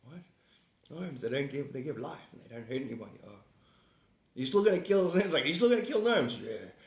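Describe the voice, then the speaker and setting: A man's voice: medium pitch, a little mellow. Rambling man, echoey room. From South Africa. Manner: rambling, repetitive, greets viewers by name. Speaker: livestream host. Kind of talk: casual livestream chat.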